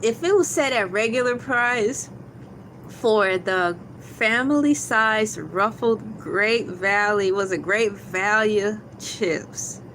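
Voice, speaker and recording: A woman's voice: medium pitch, slow pace, fairly bright tone, slight background noise. A woman hosting a casual livestream, chatty and playful, laughing often and reading viewer comments aloud. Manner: giggly and playful, laughing often between lines. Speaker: livestream host.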